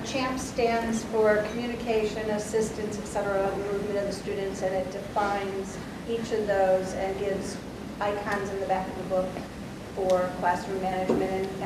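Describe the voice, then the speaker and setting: A woman's voice: medium pitch, level tone, a little slow. A woman in the audience answering a question, hesitant and full of fillers. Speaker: workshop participant. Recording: distant, echoey, noisy room mic.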